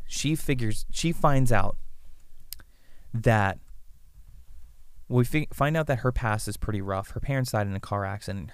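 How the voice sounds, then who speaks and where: A man pitching a thriller plot in a casual writers' room brainstorm, rambling with fillers and acting out lines of dialogue. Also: clean tone, no room sound. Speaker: screenwriter pitching a story.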